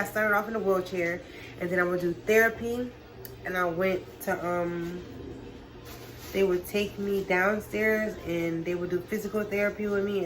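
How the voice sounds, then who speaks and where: Young girl telling a storytime, cussing a lot, middle pitch, lil bit of noise. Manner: casual, profane, talks to viewers as y'all. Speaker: vlogger. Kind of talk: storytime vlog.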